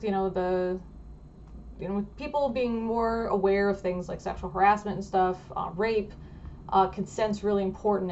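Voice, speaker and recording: A woman's voice: mid-range voice, highs cut off. A woman vlogger explaining things in a casual, rambling way, full of fillers and restarts.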